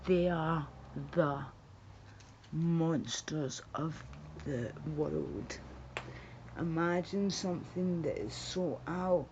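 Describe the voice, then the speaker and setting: Slow gravelly Scottish woman streaming. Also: low voice, darkish tone, a little hiss or hum. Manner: chatty, swearing, laughing, repeating words. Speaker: livestreamer. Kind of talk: casual chat with viewers. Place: at home. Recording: dull lo-fi stream audio.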